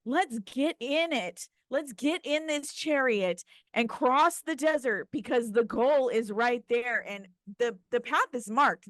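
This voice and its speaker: A woman's voice: fairly high pitch, no echo. Fired-up woman podcast co-host. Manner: excited, emphatic, swears freely. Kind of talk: casual chat.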